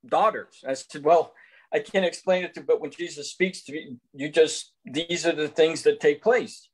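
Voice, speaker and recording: An older man on a video call telling an earnest faith testimony, recounting conversations in quotes. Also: fairly high pitch. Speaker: guest giving testimony. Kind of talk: testimony storytelling.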